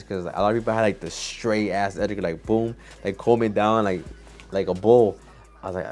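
Slangy, low-voiced young man. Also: fairly even intonation, brisk, a little mellow, faint music behind. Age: young adult. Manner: slangy, heavy on filler words and swearing. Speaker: content creator. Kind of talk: casual storytelling vlog.

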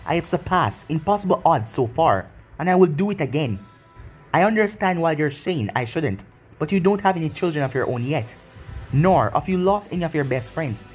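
Brief: man reading a fierce, grieving young emperor, fairly high voice, faint music under it. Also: animated, normal speed, husky. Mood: intense.

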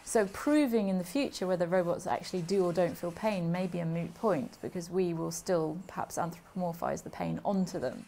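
A woman's voice: fairly low pitch, a little fast, hardly any pauses, warm tone. A woman speaking fluently and thoughtfully in a documentary interview as an academic.

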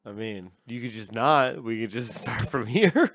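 A man's voice: mid-range voice, lively intonation, unhurried, fairly bright tone, no room sound, studio quality. A man who produces a comedy podcast, chatting in a laid-back way and trailing off into mumbled asides. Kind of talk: casual podcast banter.

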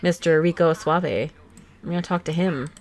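Brief: woman putting on an exasperated young woman on a date, sarcastic, slightly raised pitch. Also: a little slow, darkish tone.

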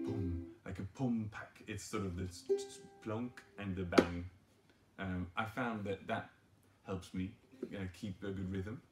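A man with a low voice walks through a ukulele strum pattern, rambling a little and chanting rhythm syllables in a playful way. He sounds like he is in an echoey room, and his ukulele rings out clearly under his voice. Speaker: ukulele teacher. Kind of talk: casual tutorial, counting strum patterns aloud. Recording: roomy sound with ukulele playing.

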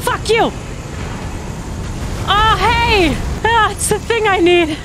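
A young woman doing let's play commentary, excitable and swearing a lot, with frequent yelps and repeated cries. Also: very high voice, slow, background noise. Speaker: gamer streamer. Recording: game music clearly behind.

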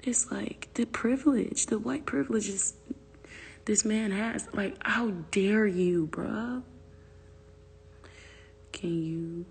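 A woman's voice: mid-range voice, takes it slowly, gravelly, darkish tone, long reverb tail, slight background noise. A woman venting on a phone livestream, exasperated and profane, often dropping into whispered asides.

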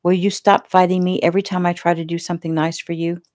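A woman reading the lines of a gruff, protective man with dry sarcasm in a casual audiobook. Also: on the low side, little pitch movement, quick pace, darkish tone, no echo, natural voice. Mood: firm.

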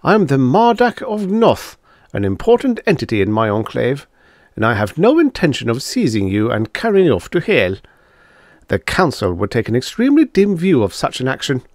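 A man voicing a suave, smooth-talking male devil-like alien who speaks patiently and coldly, in a storybook reading. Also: medium pitch, huge pitch swings, normal speed, dry recording, studio quality.

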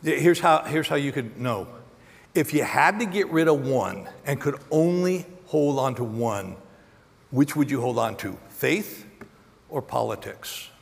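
A man preaching a sermon as a pastor, animated, acting out quotes with sudden jumps in pitch. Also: a little slow, vocal fry. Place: large church auditorium. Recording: long hall reverb.

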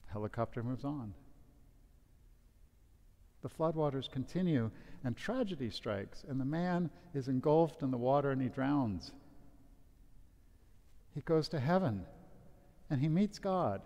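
Joking priest in a reverberant church. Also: male voice, medium pitch, expressive, measured pace, long pauses, mellow. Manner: casual, joking storyteller. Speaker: priest officiating a wedding. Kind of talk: wedding homily.

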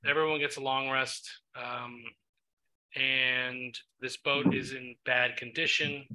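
A man narrating a tabletop game as game master, relaxed and full of ums. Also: medium pitch, takes it slowly, rough recording. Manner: relaxed, filler-heavy narration with many ums.

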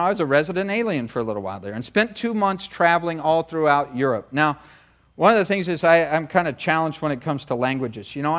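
A middle-aged American pastor from the United States preaches a conversational sermon in a fairly high, fairly bright voice. He often acts out brief voices of other people.

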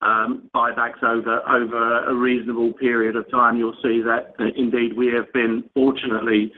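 A man, a company executive answering analyst questions on an earnings call in a measured way with many restarts. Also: mid-range voice, little pitch movement. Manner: measured, with frequent restarts and fillers. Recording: tinny phone line with faint noise.

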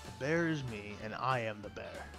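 A man's voice: on the low side, normal speed, natural voice. A fierce Celtic goddess, solemn and vengeful, declaring each line, as a man voices her. The voice is only a little lifted, with music behind.

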